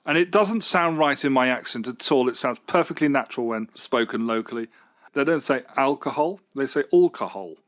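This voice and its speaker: A man's voice: mid-range voice, brisk, a bit bright. A middle-aged man, a radio station manager, answering interview questions in an enthusiastic, rambling way with fillers and restarts.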